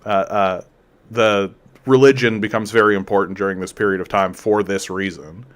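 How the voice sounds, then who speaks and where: A man's voice: on the low side, steady tone, normal speed. Rambling Canadian man riffing on history. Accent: Canadian English. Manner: rambling and conversational, with frequent fillers, profanity and acted-out quotes. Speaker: political commentary host. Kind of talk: casual political commentary monologue.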